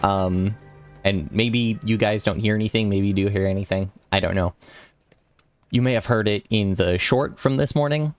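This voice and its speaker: A man's voice: fairly low pitch, normal speed, faint music behind. A young man chatting casually while streaming a game, rambling with restarts and laughs. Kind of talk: casual gaming stream chat. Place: home room.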